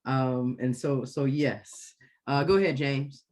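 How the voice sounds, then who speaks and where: A man facilitating a group discussion, animated and often repeating words as he starts a thought. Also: mid-range voice, slow.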